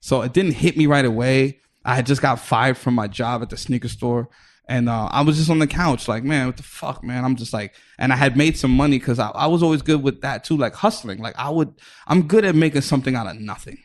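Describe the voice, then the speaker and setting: A comedian from the Bronx, New York, guests on a podcast and spins a long, easygoing story in a brisk, mid-range voice. He curses freely, starts sentences over, and performs other people's lines.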